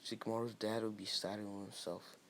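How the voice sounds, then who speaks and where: A man's voice: lowish voice, flat delivery, fairly quick, fairly bright tone, a little hiss or hum. A man casually improvising a fan-fiction story, rambling with restarts and fillers.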